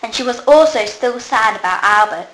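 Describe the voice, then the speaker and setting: A woman's voice: on the high side, animated, moderate pace, a bit bright. A woman reading her own short story aloud in a plain way, with small slips and restarts, in an echoey room. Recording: echoey room, faint noise.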